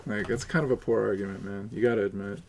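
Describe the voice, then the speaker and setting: A man's voice: on the low side, steady tone, fast, a little mellow, slight background noise. A man livestreaming, ranting to his chat in a profane, argumentative and sarcastic way. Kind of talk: casual live-stream rant to chat.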